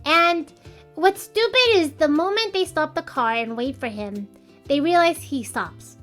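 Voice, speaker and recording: A very high, bright woman co-hosting a casual movie podcast. She retells scenes in an animated, swearing rant, with soft music behind her. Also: measured pace. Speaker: podcast co-host. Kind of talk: casual chat.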